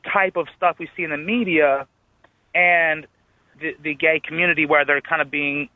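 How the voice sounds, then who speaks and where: Radio caller, male, higher-pitched, hesitant and halting, heard over a narrow, dry phone line. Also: no echo. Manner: hesitant, halting with repeated qualifiers. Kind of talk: call-in radio question.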